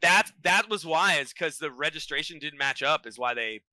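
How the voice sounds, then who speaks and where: A man chatting casually as a podcast guest, telling a story with lots of profanity and slang and plenty of excitement. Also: on the high side, normal speed, no room sound, poor audio.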